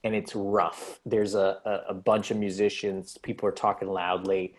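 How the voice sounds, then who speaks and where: A man's voice: sits low, flat delivery. A man, a guest comedian, telling a story in casual talk, stumbling through fillers and restarts. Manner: halting, full of fillers and restarts.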